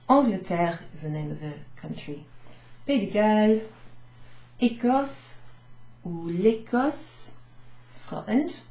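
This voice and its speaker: Mellow-voiced woman teaching French. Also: fairly low pitch, roomy sound. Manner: patient, explains step by step with French examples. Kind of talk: recorded lesson recap.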